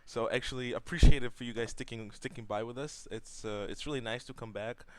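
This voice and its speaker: A man's voice: mid-range voice, a little fast. A young man co-hosting a casual gaming talk show, blunt and rambling, with crude jokes. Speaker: podcast co-host.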